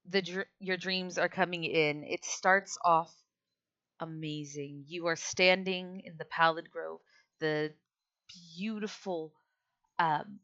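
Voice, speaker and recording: A woman game master narrating a tabletop game at an unhurried pace. Her voice is bright and clear and sits slightly low. The audio is a bit dull and lo-fi.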